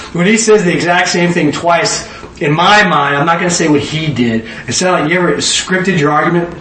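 A man's voice: a little high, moderate pace, fairly bright tone, reverberant. Male preacher, conversational teaching style, quizzes the room; distant mic, faint noise. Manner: conversational, asks the audience questions. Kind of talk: Bible study sermon.

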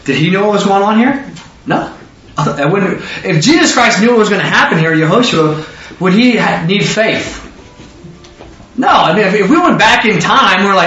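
A man's voice: high-pitched, animated, fairly bright tone. A man teaching a Bible study sermon, firing questions at listeners and waiting for their answers. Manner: quizzes listeners with rapid questions. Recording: echoey dull room recording from far off.

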